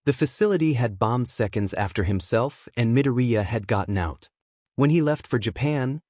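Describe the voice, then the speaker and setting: Man narrating with lively pitch. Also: dry recording, clean studio sound. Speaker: story reader. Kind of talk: fan fiction narration.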